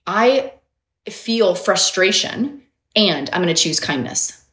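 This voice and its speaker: Animated woman coaching live, roomy sound. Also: medium pitch, slow pace. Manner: animated, emphatic, talks to viewers directly. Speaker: mindset coach and livestream host. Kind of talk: motivational livestream talk. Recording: roomy echo.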